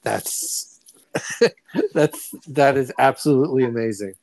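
A man's voice: medium pitch, animated, slow, gravelly, a little mellow, no room sound. A man hosting a casual podcast interview, asking questions and dropping jokey asides. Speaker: podcast host.

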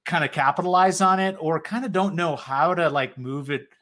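Speaking at a moderate pace in a somewhat high, fairly bright voice, this man represents a payroll software company. His casual business talk about accounting wanders loosely, sprinkled with "like" and "right?"

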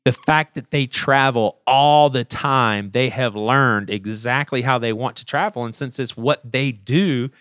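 Clear-voiced man telling a story. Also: medium pitch, a little slow, hardly any pauses, no echo, studio quality. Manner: animated storyteller, restarts phrases, acts out quotes. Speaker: podcast co-host. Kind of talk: casual storytelling chat.

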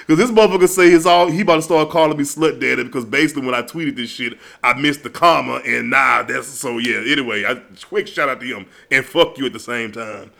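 A man telling stories in a casual comedic monologue, animated and profane, often breaking into laughs. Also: mid-range voice, fast, gravelly, hardly any pauses. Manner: animated, profane, loud storytelling with frequent laughs.

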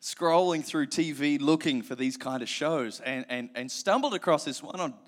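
A man's voice: fairly high pitch, moderate pace. A man with an Australian accent preaching at a church service. He reads scripture earnestly and slips into chatty, self-mocking asides. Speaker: pastor. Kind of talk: sermon with scripture reading and prayer.

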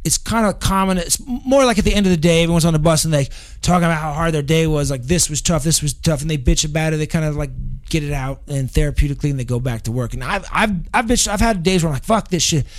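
A man's voice: fairly high pitch, fast, hardly any pauses. A man in casual conversation who swears a lot and keeps calling people "dude.". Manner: swears constantly, says "dude" often. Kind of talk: casual chat.

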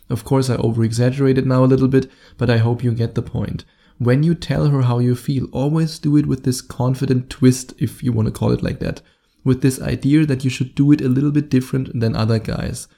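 Gravelly German-accented podcast coach. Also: male voice, medium pitch, steady tone, fairly quick, warm tone. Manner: direct, coaching, addresses the listener. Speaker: dating coach and podcast host. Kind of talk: solo podcast monologue.

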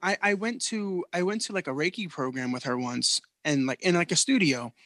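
A man co-hosting a podcast, telling a story in a profane, animated way. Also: sits high, a little fast, no room sound. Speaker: podcast co-host. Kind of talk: casual chat.

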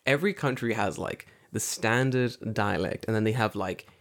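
A man's voice: on the low side, animated, normal speed, gravelly. A man chatting casually as a podcast co-host, rambling and joking, often slipping into silly put-on voices. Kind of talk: casual chat.

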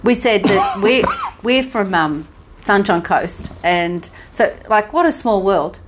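An Australian woman co-hosting a podcast, telling a travel story in lively, casual chat. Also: mid-range voice, slow, heavy background noise. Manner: chatty, animated storytelling with laughs. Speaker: podcast co-host.

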